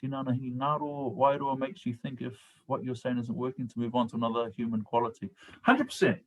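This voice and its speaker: A man's voice: medium pitch, flat delivery, fairly quick, low-quality recording. Middle-aged New Zealand man, casual coach, colloquial storyteller, mid-range voice. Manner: storytelling, laughs often, colloquial. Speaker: guest speaker and coach. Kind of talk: casual live-stream talk.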